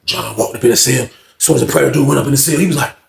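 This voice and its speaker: A man casually telling a story, profane and animated, acting out voices and sound effects, in a roomy-sounding recording. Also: medium pitch, very fast, creaky. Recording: roomy echo.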